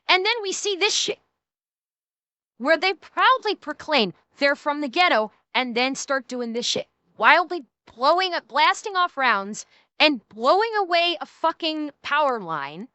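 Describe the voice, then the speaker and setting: A woman's voice: high-pitched, big pitch swings, unhurried, sharp tone, no room sound. A woman streamer in a heated, profane live reaction rant, talking into a desk microphone. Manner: angry, profane, heated ranting.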